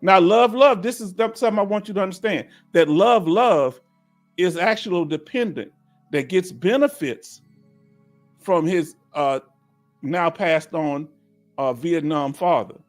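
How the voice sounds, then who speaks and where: A man's voice: high-pitched, measured pace, soft background music. A man from Houston, Texas with a Southern accent, hosting a casual live question-and-answer stream for veterans and reading viewer comments aloud. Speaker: livestream host for veterans.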